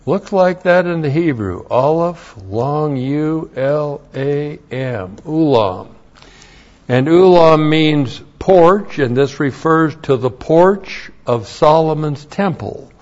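A man's voice: fairly high pitch, animated, takes it slowly, darkish tone, dull audio. A man preaching a verse-by-verse Bible lesson, spelling out Hebrew words letter by letter and repeating key phrases. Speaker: pastor.

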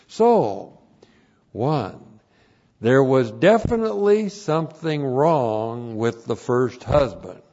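A male pastor teaching a passage word by word, spelling out Greek terms and bursting into loud emphatic phrases. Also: mid-range voice, sing-song, takes it slowly, dull audio. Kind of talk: expository Bible teaching.

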